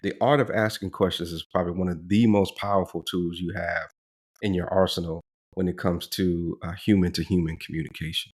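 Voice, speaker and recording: A man co-hosting a podcast, explaining ideas in a measured, reflective way in casual talk. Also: deep voice, fairly even intonation. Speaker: podcast co-host.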